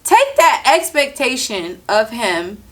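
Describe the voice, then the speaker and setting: A woman hosting a podcast, telling a story in a casual, animated monologue, acting out quotes and swearing freely, close to the mic. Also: a little high, takes it slowly. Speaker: podcast host.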